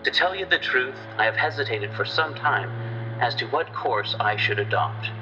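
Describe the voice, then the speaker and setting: A man voicing a formal, reserved scientist who writes in measured, careful phrasing. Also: mid-range voice, expressive, in a large hall, muffled recording, noisy background, close to an everyday voice. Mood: earnest.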